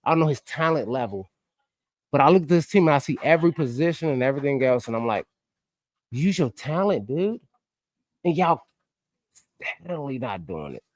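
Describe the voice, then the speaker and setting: A man co-hosting a sports podcast, ranting excitably and swinging between loud outbursts and quiet asides. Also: mid-range voice, moderate pace, pauses often, dry recording. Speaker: podcast co-host. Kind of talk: animated sports podcast chat.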